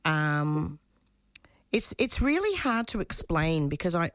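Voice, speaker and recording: A woman with a low voice talks openly about what drives her work, often stumbling and repeating words as the feeling builds. The sound is dry and close. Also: big pitch swings, no room sound. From Australia. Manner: halting, repeats words, emotional and frank. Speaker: radio show producer and host. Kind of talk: interview guest, candid conversation.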